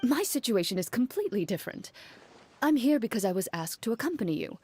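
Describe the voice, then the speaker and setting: A woman voicing a calm, reserved woman in a game who speaks in a level, matter-of-fact way. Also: on the high side, fast, slightly rough. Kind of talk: game voice acting.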